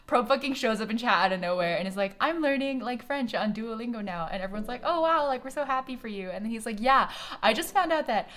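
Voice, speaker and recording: A woman's voice: fairly high pitch, animated, fast talker, fairly bright tone. A young woman live-streaming from her desk at home, chatting casually with her viewers. She swears a lot and laughs often.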